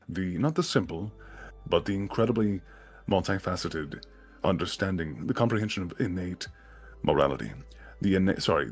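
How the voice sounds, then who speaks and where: Deep gravelly man musing on a stream. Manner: rambling, thoughtful, often laughing. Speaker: co-host discussing a book. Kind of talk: casual livestream chat and commentary.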